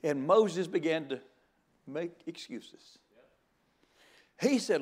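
A man's voice: fairly high pitch, animated, slow, long pauses. Older man preaching a folksy, joking sermon. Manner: folksy and joking, with frequent stammered restarts. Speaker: guest preacher.

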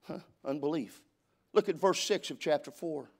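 A middle-aged pastor from California preaches, his voice sitting a little higher than most men's. He tells his stories with quick stammered restarts. When he reads scripture aloud, his delivery lifts into a rising preaching cadence. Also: vocal fry. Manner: storytelling with repeated stammered restarts. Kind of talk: sermon.

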